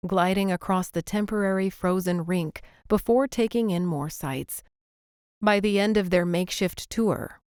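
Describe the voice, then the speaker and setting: A woman narrating a romance audiobook, smooth and gently expressive. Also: lowish voice, dry recording, clean studio sound.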